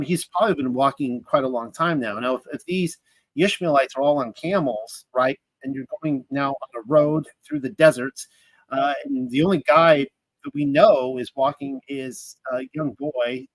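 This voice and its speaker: A man's voice: mid-range voice, no echo, poor audio. A man reading scripture aloud and commenting in a casual, thinking-aloud way, with fillers and restarts. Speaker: Bible study teacher.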